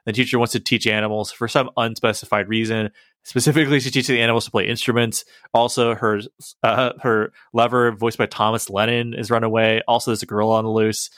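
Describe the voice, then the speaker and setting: A man's voice: medium pitch, level tone, a little fast, fairly bright tone, no echo. A young man in casual chat, recapping a cartoon with many fillers and laughs. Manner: rambling, filler-heavy, laughs while telling.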